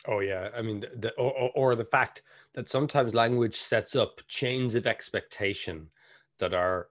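An Irish man in easy, rambling conversation, mid-pitched and animated as he spins anecdotes. The sound is close and dry, with no room around it. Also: normal speed, no echo. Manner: animated storyteller, bursts into lively impressions. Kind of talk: casual conversation.

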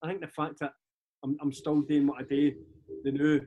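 High-voiced Scottish man in his forties. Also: normal speed, dull audio, a little hiss or hum. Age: 40s. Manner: animated, swears freely, repeats words on restarts. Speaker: podcast guest. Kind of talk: casual storytelling chat.

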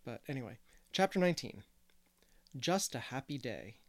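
A man's voice: mid-range voice, very animated, normal speed. A man narrating a classic novel aloud as an audiobook reader, with candid, self-deprecating asides.

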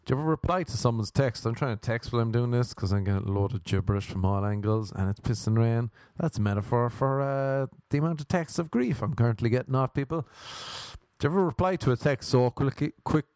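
A man's voice: mid-range voice, quick pace, a little mellow, dry recording, clean studio sound. A young man doing a rambling comic monologue to camera, crude and joking, often stopping to restart his sentences. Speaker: vlogger.

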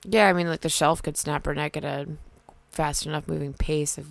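Gravelly, laid-back brainstorming partner. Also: mid-range voice, fairly even intonation, brisk, dry recording. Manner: laid-back, chiming in, swearing. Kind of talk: casual brainstorming chat.

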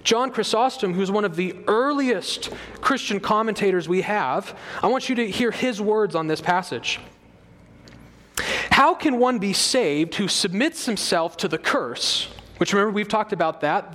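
A man's voice: sits high, brisk, few pauses, big-room sound. A man preaching an expository sermon, emphatic and repeating key phrases for stress. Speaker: pastor.

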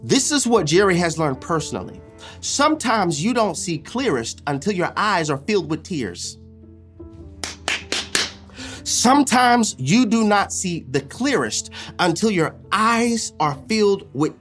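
A man preaching a sermon as pastor, repeating lines and swinging from loud declarations to hushed asides. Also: high-pitched.

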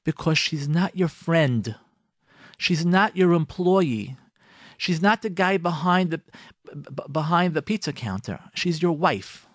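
A man, a rabbi on a radio talk show, giving marriage advice to husbands and acting out their imagined replies in quick asides. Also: fairly high pitch, lively intonation, dry recording, studio quality. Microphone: close studio microphone.

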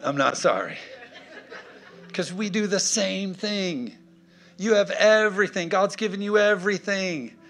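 A man's voice: high voice, a little slow, fairly bright tone. A man preaching a sermon, emphatic and punchy, checking in with his congregation. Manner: emphatic, punchy, call-and-response. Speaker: pastor.

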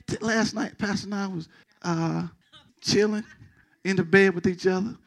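A middle-aged man preaching a sermon as pastor, animated and emphatic, restarting and repeating words and joking with his congregation. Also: high voice, moderate pace, vocal fry, pauses often.

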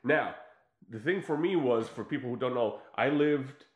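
A middle-aged man whose first language is Croatian, telling stories in a rambling, animated way with many fillers. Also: mid-range voice, normal speed, narrow, tinny audio. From United States and former Yugoslavia. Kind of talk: casual chat. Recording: roomy echo.

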